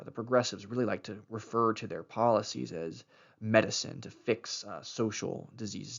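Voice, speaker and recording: Gravelly low-voiced man lecturing. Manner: loose, many fillers, explains as he goes. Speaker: history lecturer. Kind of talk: recorded lecture over slides. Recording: dull lo-fi lecture recording.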